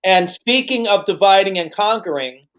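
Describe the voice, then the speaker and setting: A man hosts a podcast and introduces guests with joking patter. His voice sits high. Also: animated, moderate pace, fairly bright tone, poor audio. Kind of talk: casual podcast banter.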